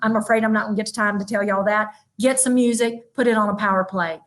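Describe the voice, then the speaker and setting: A woman from North Mississippi with a Southern accent, giving a motivational keynote talk in a folksy, animated way, speaking straight to her audience. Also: mid-range voice, fast, rough recording. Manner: folksy, animated storytelling with y'all and asides to the audience. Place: virtual event from a room with a small audience.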